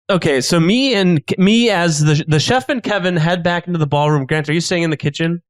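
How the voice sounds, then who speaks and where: A man narrating an improvised comedy role-play as guest game master, quick and animated with frequent stumbles. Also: on the high side, smooth, dry recording, clean studio sound.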